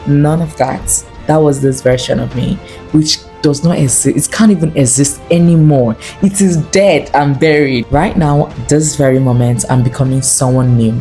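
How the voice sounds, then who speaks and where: Young woman, low mellow voice, earnest confiding vlog delivery, faint music behind. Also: normal speed. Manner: earnest and confiding, with animated asides. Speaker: lifestyle vlogger. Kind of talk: candid talking-to-camera vlog.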